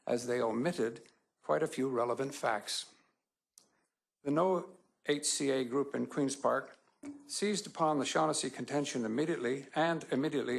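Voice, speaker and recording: A man speaking as a public delegate at a council meeting, reading a prepared statement in a measured, methodical way that mildly rebuts the other side. He has a Canadian English accent. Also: mid-range voice, creaky, rough recording. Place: council chamber.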